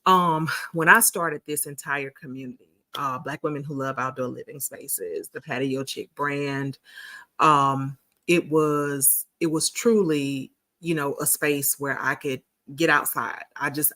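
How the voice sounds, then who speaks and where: A woman's voice: sits low, fairly even intonation, measured pace, sharp tone. A woman, hosting a casual livestream and chatting folksily with her viewers. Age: 40s. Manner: chatty, folksy, addresses viewers as sugars and honey. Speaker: livestream host.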